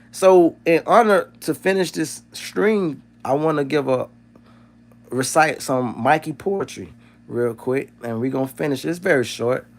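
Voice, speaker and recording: A man's voice: a little high, vocal fry. A man hosting a livestream, talking in a loose, profane, joking rant. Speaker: livestream host.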